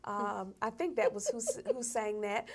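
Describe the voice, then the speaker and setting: A woman's voice: medium pitch, lively intonation, normal speed. A woman hosting an interview show, chatting casually and affirming her guest with frequent murmurs of agreement. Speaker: talk show host.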